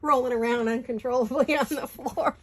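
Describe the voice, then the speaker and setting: A woman's voice: fairly low pitch, moderate pace, gravelly. A middle-aged woman chatting casually while she does paper crafts. She talks to herself as she works and giggles often.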